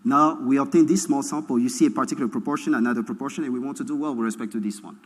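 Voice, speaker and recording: A man giving a keynote lecture, explaining slowly, repeating his points and often checking with "right?". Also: medium pitch. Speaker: keynote speaker. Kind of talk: academic lecture. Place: large lecture hall. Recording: echoey lecture hall with long reverb.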